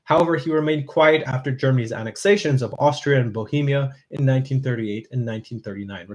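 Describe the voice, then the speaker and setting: Male narrator, scripted history read, measured and dry, mid-pitch. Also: rough recording.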